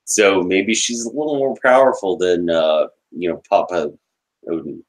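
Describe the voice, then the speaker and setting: A podcast host with a very deep voice, talking casually about a TV show. He often stumbles and repeats his first words before getting a sentence going, in a relaxed, informal conversation. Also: moderate pace, low-quality recording. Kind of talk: casual chat about a TV episode.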